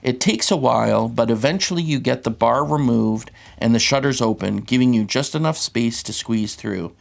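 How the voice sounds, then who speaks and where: A man's voice: medium pitch, normal speed, gravelly. A man hosting a tabletop game, reading the scenario aloud and explaining rules patiently.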